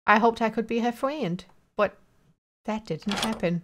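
In her let's play, a gaming video host reads the game's dialogue aloud, tossing in crude jokes and rapid mock character voices. Her voice is a little high, and there's a bit of hiss or hum.

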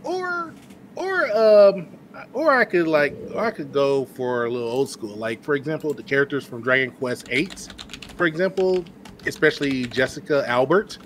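Lively playful podcast guest. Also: mid-range voice, normal speed, a little hiss or hum. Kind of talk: casual chat.

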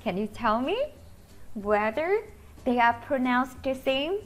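Slow sing-song Vietnamese teacher woman. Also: sits high, animated. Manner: slow, sing-song teacher talk, drawing out vowel sounds. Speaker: English teacher. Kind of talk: children's pronunciation lesson.

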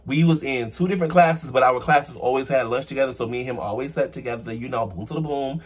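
A young man chatting casually on his vlog, answering viewer questions and telling stories with sudden high squeals and low murmurs. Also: fast talker, breathy edge.

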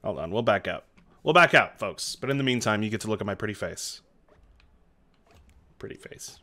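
A man streaming a video game live, reacting excitably and chatting to his viewers. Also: lowish voice, fast. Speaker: Twitch streamer.

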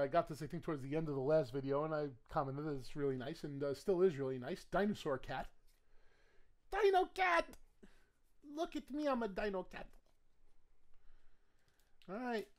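A man gives casual running commentary while opening booster packs. His talk wanders and stumbles over fillers and restarts. It breaks into laughter and loud, gleeful yelling when he pulls the cards he wants. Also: a little high. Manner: rambling and chatty with bursts of loud excitement. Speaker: card game collector opening booster packs.

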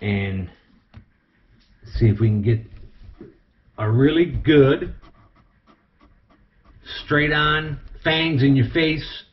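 A man keeping snakes, talking through a casual how-to vlog in an excitable, chatty way. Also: mid-range voice, extremely slow, pauses often, a little hiss or hum. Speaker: snake keeper. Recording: echoey room, dull lo-fi sound.

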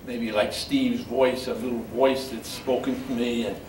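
An older man, a priest, reading scripture in a measured, solemn way at a memorial service. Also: mid-range voice, steady tone, a little mellow. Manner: measured solemn reading, halting when speaking freely. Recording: echoey room from far off, faint background noise.

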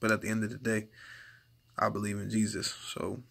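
A man's voice: on the low side, completely flat delivery, a little fast, creaky, fairly bright tone. A man preaching informally to camera in an earnest, exhorting way, repeating his points for emphasis. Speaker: lay preacher.

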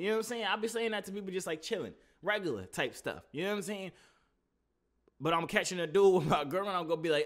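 A man's voice: on the high side, fast talker. A man hosting a reaction video, talking in casual slang and mocking what he sees. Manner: slangy, animated, mocking, repeats "you know what I'm saying".

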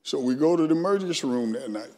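A man's voice: medium pitch, lively intonation, fast talker, darkish tone. A middle-aged man from Alabama with a Southern accent, telling his testimony as a guest speaker in a church sermon, acting out his own past dialogue. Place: church sanctuary. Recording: long church reverb.

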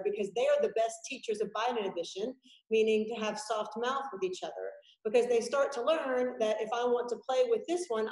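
A woman with a fairly high voice teaches dog owners over a video call, chatty and animated. Her voice rings in an echoey home room. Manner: chatty and animated, acts out puppies and dramatic yelps. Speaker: dog trainer teaching a class. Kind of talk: informal online class lecture. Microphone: video call microphone.

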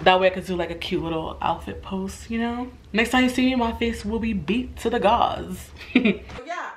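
A woman's voice: on the high side, moderate pace. Chatty young woman vlogging casually. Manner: chatty, laughs often, casual slang. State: stuffy nose. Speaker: beauty vlogger. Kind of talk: casual vlog narration.

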